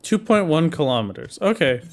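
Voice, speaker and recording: Playing a game on a livestream, a man talks casually and jokily with his viewers at a moderate pace, his voice on the high side with big pitch swings. Game music plays faintly behind him.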